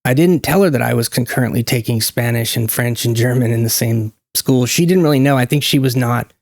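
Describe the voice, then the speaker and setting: A man's voice: medium pitch, brisk, a little mellow, dry recording, clean studio sound. A man hosting his own channel, talking in a loose, rambling monologue with joking asides that break off and restart mid-thought. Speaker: channel host. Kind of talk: casual monologue.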